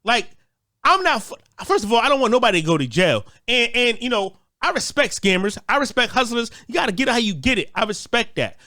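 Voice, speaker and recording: A man's voice: very high voice, sing-song, a little fast, pushed and bright, no room sound, clean studio sound. A man giving a heated, profane rant as a commentator, often stammering and repeating words as he restarts.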